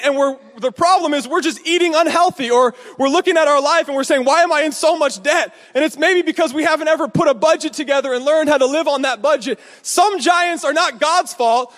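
A man preaching a sermon, telling a story in an animated way and acting out the voices in it. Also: very high voice, brisk, hardly any pauses, big-room sound. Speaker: pastor.

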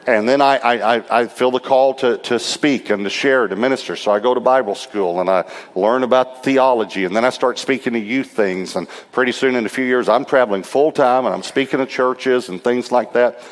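A man's voice: mid-range voice, a little fast, few pauses. A middle-aged man, a pastor, preaching and telling funny stories with quoted dialogue. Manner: humorous, animated storytelling with quoted voices. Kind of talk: sermon storytelling. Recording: long hall reverb.

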